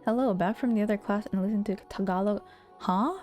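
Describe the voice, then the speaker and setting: A woman's voice: mid-range voice, fairly even intonation, a little fast, darkish tone, faint music behind. A young woman from the Philippines with an American accent, chatting playfully on a live stream, laughing often and swearing casually.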